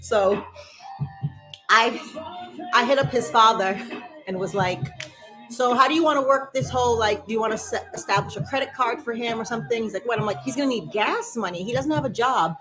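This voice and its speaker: Talking fairly quickly in a voice on the high side, a woman chats with her dance fitness class, telling animated stories and whooping and laughing. The recording is rough, with music playing behind.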